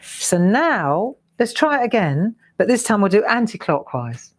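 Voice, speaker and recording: A woman's voice: mid-range voice, big pitch swings, measured pace. A woman leading a live craft demonstration, chatting and counting strokes aloud as she draws. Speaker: craft tutor. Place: home craft studio.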